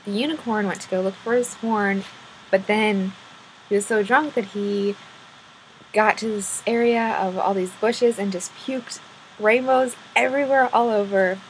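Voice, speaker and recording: A woman vlogger telling a made-up story in a casual, playful way, rambling and filling gaps with "um." Her voice sits at a middle pitch. A faint noise runs underneath. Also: steady tone, unhurried, poor audio.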